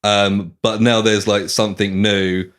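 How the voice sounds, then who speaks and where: A man's voice: on the low side, a little slow, clear, resonant tone. A man hosting a podcast, casually retelling a novel's plot and acting out the characters' lines. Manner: animated retelling, acting out lines with swearing and laughs. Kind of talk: casual chat.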